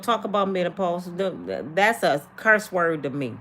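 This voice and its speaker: An older woman, hosting a casual livestream and talking to her viewers with animated, preachy energy. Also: fairly low pitch, measured pace, few pauses, a little hiss or hum. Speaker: livestream host.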